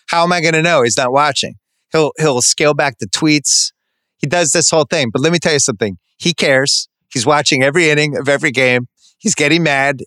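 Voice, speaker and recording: A man hosting a sports podcast, bantering casually and ranting with animated, self-interrupting energy. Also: mid-range voice, clean tone, no room sound, studio quality.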